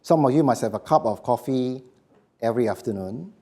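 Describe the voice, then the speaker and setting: Emphatic male voice coach, warm tone. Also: mid-range voice, animated, brisk. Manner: emphatic, often asks "Okay?" and "Why?", short phrases. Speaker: voice coach giving a workshop. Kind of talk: live seminar lecture.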